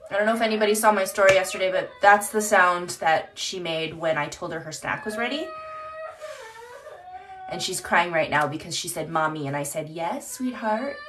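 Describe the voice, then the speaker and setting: A woman's voice: on the low side, brisk, noisy background. A woman in her thirties hosting a casual live-stream chat from home on her phone, chatty, laughing often and swearing freely. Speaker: livestream host. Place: home, indoors.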